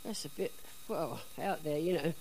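A woman telling a personal faith testimony in a chatty, animated storytelling way. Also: deep voice, moderate pace, vocal fry, slight background noise, rough recording. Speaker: speaker giving a testimony.

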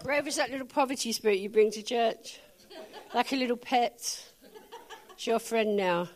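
A woman's voice: a little high, moderate pace. An older woman preaching a sermon, telling funny personal stories, laughing often and acting out conversations.

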